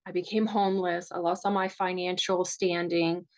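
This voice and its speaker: A woman with a Southern US accent, from rural Virginia, who coaches on divorce recovery. She talks people through a soft guided meditation and tells her own story in an earnest way. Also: on the low side, moderate pace, highs cut off. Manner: soft, calm, guiding. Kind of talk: guided meditation and workshop talk.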